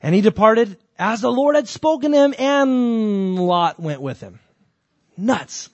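Pastor, man, fairly high voice, lively sermon delivery with acted-out quotes, dry close mic. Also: slow, no echo, muffled recording. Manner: animated preaching, acting out quoted voices.

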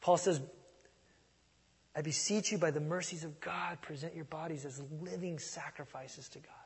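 A middle-aged man preaching a sermon in a conversational way, moving between soft asides and loud emphatic lines. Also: a little high, fairly even intonation, moderate pace, husky, long reverb tail. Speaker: pastor.

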